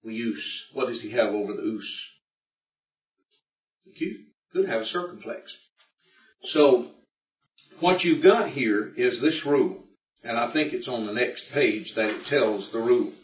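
A man's voice: medium pitch, lively intonation, measured pace, long pauses, distant mic. A man teaching a Greek grammar class, patiently explaining and checking that his students follow. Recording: dull roomy recording from afar.

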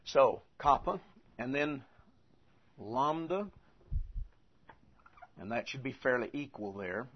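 A man teaching in an unhurried, patient way, going over each point again and again. His voice is a little husky, and the recording sounds dull and lo-fi. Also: medium pitch, animated. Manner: patient, repeats and spells things out. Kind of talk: teaching the Greek alphabet.

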